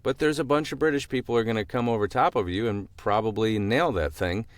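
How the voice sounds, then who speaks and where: Very deep, smooth-voiced male co-host. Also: fairly quick, no room sound, clean studio sound. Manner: emphatic, laughs between points. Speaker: podcast co-host. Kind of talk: casual podcast chat.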